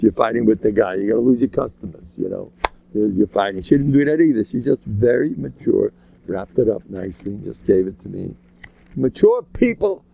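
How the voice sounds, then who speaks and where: A man giving an informal, joking religious talk, animated and acting out quotes in sudden high voices. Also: gravelly, lo-fi sound. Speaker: religious lecturer. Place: local community gathering.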